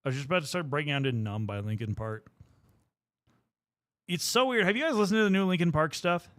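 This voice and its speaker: A young man on a livestream, chatting with his viewers as he paints. His voice sits a little high and sounds bright and forward, and it swings widely in pitch. He rambles, swears freely and talks straight to the chat. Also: lively intonation, quick pace, no room sound. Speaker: streamer. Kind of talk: casual livestream chat while painting miniatures.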